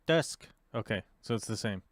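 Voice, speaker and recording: Playful livestream host with a smooth voice. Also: male voice, medium pitch, moderate pace, dry recording. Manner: playful, thinks aloud, jokes at himself. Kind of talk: casual livestream chat.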